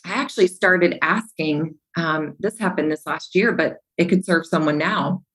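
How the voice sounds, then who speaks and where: A woman with a slightly low voice talks as a podcast guest, lively and animated. She acts out remembered exchanges and stacks up repeated phrases for emphasis. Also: normal speed, rough recording. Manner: animated storyteller who acts out remembered dialogue. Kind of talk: conversational podcast interview.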